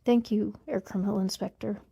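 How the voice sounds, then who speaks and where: A woman's voice: mid-range voice, fairly even intonation, brisk, gravelly, mellow, slightly rough, no echo. A woman voicing a polite, resigned elderly male tailor in a read-aloud book. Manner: formal, deferential.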